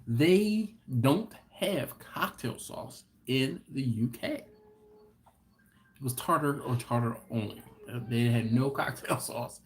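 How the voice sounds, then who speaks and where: Slow, easygoing man chatting on a live stream. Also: medium pitch. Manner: unhurried, laughing storyteller who acts out quotes. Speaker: host of a barbecue channel.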